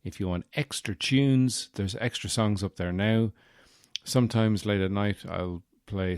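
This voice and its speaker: A man's voice: on the low side, a little slow, a little mellow, clear, resonant tone, no room sound, studio quality. A man hosting a solo podcast, rambling through a casual, jokey chat with the odd swear. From Ireland. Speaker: podcast host.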